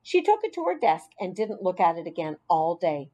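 A woman narrating a children's audiobook in a clear, expressive storytelling voice. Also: lowish voice, moderate pace.

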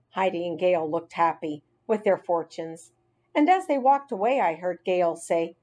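A woman reads a children's storybook aloud. She takes her time, and her pitch moves a great deal as she acts out the tale. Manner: expressive, unhurried. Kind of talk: children's book read aloud.

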